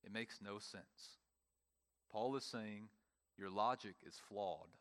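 A man's voice: lowish voice, a bit bright. Emphatic male preacher in a church. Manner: emphatic preaching with pauses and repetitions. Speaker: pastor. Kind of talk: sermon.

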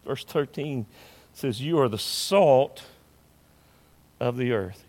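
A man preaching a sermon as pastor in a church, emphatic, swinging between loud declarations and hushed asides. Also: mid-range voice, lively intonation, slow pace. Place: church sanctuary.

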